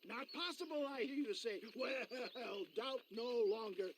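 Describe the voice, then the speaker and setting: A showy old-west elixir huckster. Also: male voice, measured pace, slight background noise. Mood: pitchman patter. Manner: showy carnival pitchman patter. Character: boastful old-west male snake-oil salesman. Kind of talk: video game dialogue.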